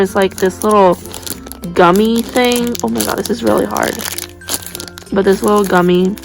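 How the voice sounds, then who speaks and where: A young woman chatting casually as she unboxes squishy toys, gushing and gasping with excitement. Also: medium pitch, vocal fry. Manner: excitable, gushing, breathless gasps.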